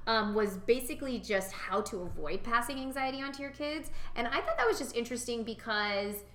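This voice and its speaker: A woman in her thirties talks fast in a casual chat, her voice bright and forward. She tells stories animatedly and slips into quoted voices. The sound is roomy and echoey. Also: a little high, animated. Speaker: podcast co-host. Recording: echoey room.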